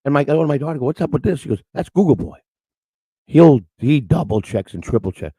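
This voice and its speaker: Talking very fast with lively intonation, an older morning-show host has a slightly high, mellow voice with a breathy edge and no room sound. His casual stories ramble, with many restarts and acted-out quotes.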